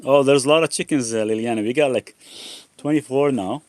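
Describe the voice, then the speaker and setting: A man's voice: mid-range voice, brisk, no room sound. A man hosting a casual live Q&A outdoors in a backyard with chickens. He rambles, restarts his sentences and leans on the word "actually". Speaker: host.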